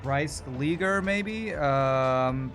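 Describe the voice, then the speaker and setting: A man's voice: a little high, drawn-out words, fairly bright tone, faint music behind. A man streaming a video game, chatting casually and rambling between the plays and chat messages. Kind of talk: casual gameplay commentary.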